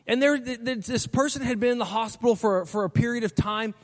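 A man preaching a sermon, retelling stories with lively acted-out voices. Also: extremely high pitch, a little fast, big-room sound. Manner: animated, acts out voices in stories. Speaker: pastor. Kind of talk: sermon with storytelling.

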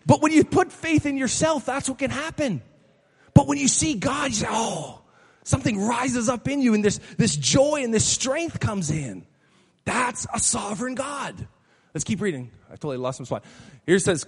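High-voiced man preaching in an echoing hall. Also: husky. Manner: emphatic, declarative preaching with rising intensity. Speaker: pastor. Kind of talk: sermon. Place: church sanctuary.

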